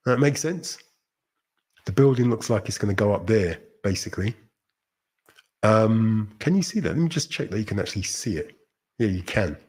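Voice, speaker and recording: A man's voice: mid-range voice, darkish tone, husky. A man hosting a casual live-stream vlog, talking emphatically to his viewers, often repeating phrases and checking in with "right?". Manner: rambling, restarts and repeats phrases. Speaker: channel host.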